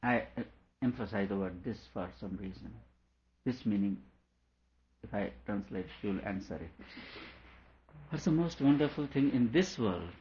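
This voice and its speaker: A male teacher giving an explanatory lecture on a scripture, repeating each question aloud before patiently explaining it, with quiet chuckles along the way. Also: lowish voice, normal speed, long pauses, a little hiss or hum. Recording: dull lo-fi recording.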